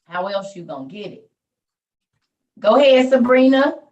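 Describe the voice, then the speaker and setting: A woman's voice: on the high side, lively intonation, normal speed, darkish tone, roomy sound, distant mic, muffled recording. A woman leading a video-call meeting, preaching in a fervent, rhythmic way and repeating her phrases. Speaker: meeting leader.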